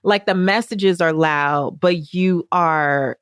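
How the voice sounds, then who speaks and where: A woman's voice: on the low side, takes it slowly, fairly bright tone, clean tone, dry recording, clean studio sound. A woman hosting a podcast, talking with effusive, rambling enthusiasm. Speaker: podcast host. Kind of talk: podcast intro and interview chat.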